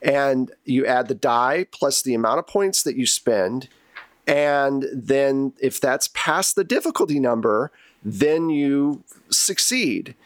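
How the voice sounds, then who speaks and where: Relaxed man explaining game rules. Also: mid-range voice, slow, no echo. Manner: relaxed, conversational, chuckling explanations. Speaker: game master.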